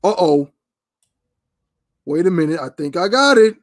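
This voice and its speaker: Man, high voice, animated casual co-host. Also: measured pace. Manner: emphatic, animated storytelling. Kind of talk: casual podcast chat.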